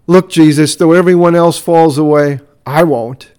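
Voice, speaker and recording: A man's voice: on the high side, fairly even intonation, normal speed, a little mellow, clear, resonant tone, lightly acted. A man voicing a boastful, self-righteous churchgoing man who talks eagerly and emphatically about his own piety.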